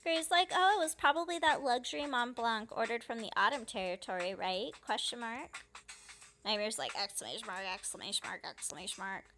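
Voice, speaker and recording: A woman's voice: fairly high pitch, expressive, a little fast, noisy background. A woman casually translating game dialogue aloud as a let's play host, reading the punctuation out. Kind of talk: casual live translation commentary.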